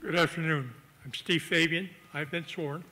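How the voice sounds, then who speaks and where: A man's voice: on the high side, fairly even intonation, normal speed, bright, forceful tone, long reverb tail, poor audio. A man giving earnest testimony at a city council hearing, reading from the code book. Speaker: public commenter. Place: council chamber.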